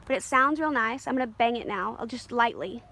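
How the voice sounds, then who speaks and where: Filming herself, a woman strolls around her home garden for a casual tour, chatting in a loose, easygoing way full of fillers and small apologies. Her voice is on the high side, a little fast, bright and forceful. Slight background noise, faint outdoor ambience and passing planes can be heard.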